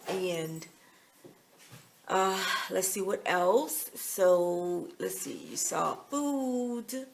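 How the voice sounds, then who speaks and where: A gravelly-voiced American woman rambling. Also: on the low side, a little hiss or hum. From United States. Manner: chatty, meandering, full of fillers. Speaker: vlogger. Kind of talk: casual rambling chat. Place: outdoors in town.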